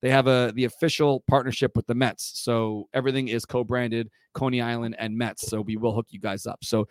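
A man's voice: mid-range voice, little pitch movement, fairly quick, smooth, no room sound, studio quality. Chatty New man hosting a podcast. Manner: chatty, rambling with fillers and self-corrections. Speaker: podcast host. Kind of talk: casual chat.

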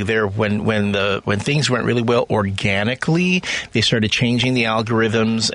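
Male radio guest, rambling casual talker, mid-range voice. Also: dry recording. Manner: rambling, restarts, animated rises in pitch. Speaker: radio guest, comic book writer.

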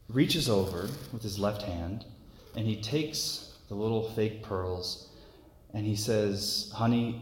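A man preaching a sermon in an earnest, unhurried way, often repeating words as he goes. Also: on the low side, a little hiss or hum. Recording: echoey hall with long reverb.

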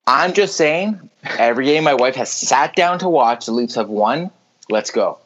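A man co-hosting a casual sports chat, telling quick animated stories and swearing freely. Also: medium pitch. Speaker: podcast co-host. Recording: dull lo-fi audio.

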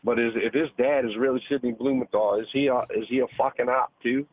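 A man's voice: medium pitch, steady tone, fast talker, breathy edge, dry recording. A man calling in to a talk show, ranting heatedly and profanely, ending phrases with "man" and "dude". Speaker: caller. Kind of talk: heated call-in rant. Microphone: phone. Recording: phone-line audio.

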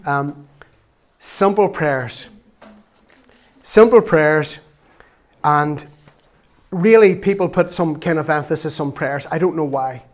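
A man giving a conversational, self-deprecating sermon in a church, slowing down and getting louder when he reads scripture. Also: on the high side. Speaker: preacher.

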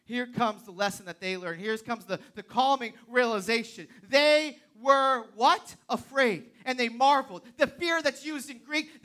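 A woman preaching to a live group in a high, bright voice. She drives points home loudly, then drops to a hushed hush, with casual, slangy asides between. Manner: swings between loud emphatic preaching and hushed quiet. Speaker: youth preacher. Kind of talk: sermon.

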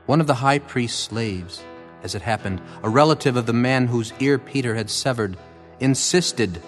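A man reading a scripture passage aloud in an even, measured way. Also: mid-range voice. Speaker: scripture narrator. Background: faint guitar music.

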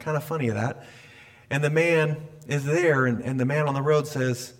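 A man of middling, everyday pitch preaches a conversational sermon in a church. He tells it like a folksy story and keeps circling back to repeat or restart his phrases. He often pauses to clear his throat. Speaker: pastor. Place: church sanctuary.

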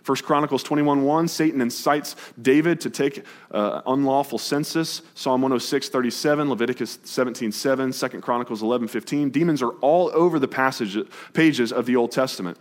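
Man preaching in a reverberant church. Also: mid-range voice. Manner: brisk, conversational preaching with scripture reading. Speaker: pastor. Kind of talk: sermon. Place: church sanctuary. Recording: long hall reverb.

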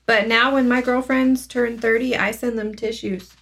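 A woman in her thirties co-hosting a casual chat podcast, relaxed and dry, often giving short agreeing replies. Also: fairly high pitch, moderate pace, vocal fry. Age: 30s. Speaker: podcast co-host.

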